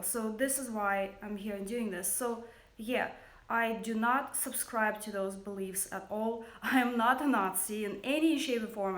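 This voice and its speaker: A woman in her thirties with a Russian accent, a business founder speaking earnestly and hesitantly in a personal livestream, with many fillers. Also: mid-range voice. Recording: roomy echo.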